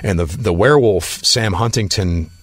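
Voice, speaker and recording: Low-voiced man telling a story. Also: moderate pace, no echo. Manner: animated storyteller acting out quoted voices, frequent restarts. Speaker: actor guest. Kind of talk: interview storytelling.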